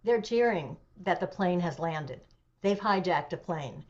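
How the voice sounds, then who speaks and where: A woman in her seventies, an interview guest telling a personal story with animation, pauses and fillers. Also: lowish voice, expressive. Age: 70s. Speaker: interview guest, memoir author. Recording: dull lo-fi audio.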